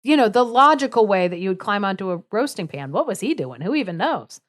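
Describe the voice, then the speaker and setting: A woman podcast host retelling a folktale in a relaxed, chatty way. She is wry and breaks the story with comic asides. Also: medium pitch, fairly quick. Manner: chatty, wry, laughs through lines.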